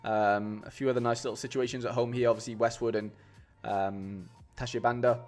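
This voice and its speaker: This streamer's mid-range, darkish voice stays level and fairly quick as he chats through building fantasy football lineups on a live stream. He rambles with many fillers and restarts and keeps calling his viewers "mate," with faint music behind him.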